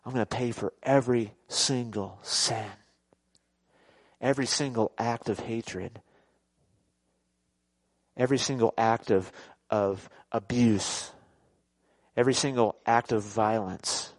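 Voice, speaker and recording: A man doing a soft, solemn savior. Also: medium pitch, slow, long pauses, dry recording, pitched below the performer's own voice. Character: tender, resolute male savior.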